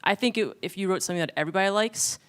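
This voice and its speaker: Woman on a comedy panel, smooth voice, acts out little back-and-forths. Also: mid-range voice, rapid-fire. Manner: animated, acts out exchanges. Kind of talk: panel discussion.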